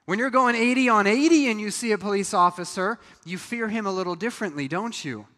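A man's voice: high-pitched, brisk, sharp tone. A man preaching a sermon as a pastor, talking to the congregation conversationally and acting out quoted lines. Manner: conversational preaching with acted asides. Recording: reverberant hall.

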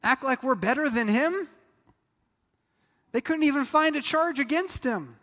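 Man, pastor, sermon, high voice, long hall reverb, conversational preaching. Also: expressive, a little slow, bright, forceful tone. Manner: conversational preaching with acted asides.

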